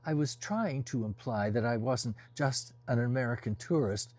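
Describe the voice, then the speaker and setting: Guy reading an audiobook, first-person story, mid-pitched voice, steady and descriptive. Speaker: audiobook reader.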